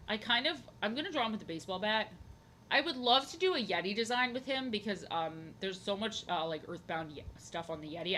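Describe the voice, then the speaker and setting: A woman's voice: mid-range voice, sharp tone, slight background noise. A young woman chatting casually on her drawing stream, rambling, goofy and repeating herself. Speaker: art streamer.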